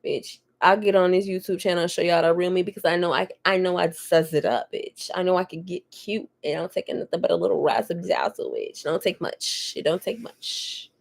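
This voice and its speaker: A woman vlogging at home, telling stories in a candid, profane, lively way. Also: fairly low pitch, fairly quick, creaky, hardly any pauses. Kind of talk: casual chat to camera.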